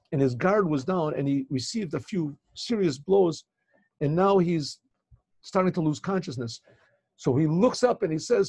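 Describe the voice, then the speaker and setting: A man, a rabbi and teacher, telling a story in an animated way, often restarting and repeating phrases, over a video call. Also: on the high side, breathy edge, dry recording. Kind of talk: storytelling talk.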